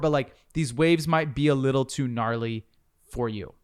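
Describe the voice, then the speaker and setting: A man's voice: medium pitch, normal speed, smooth. A man hosting a podcast, telling a long hypothetical story with casual swearing and a building of suspense. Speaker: podcast host.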